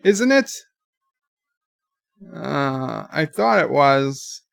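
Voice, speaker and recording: A man's voice: medium pitch, big pitch swings, very slow, creaky, a bit bright, smooth, faint music behind. A man hosting a livestream in a casual chat-reading style, reading viewers' messages aloud and answering with dry jokes. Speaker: livestream host.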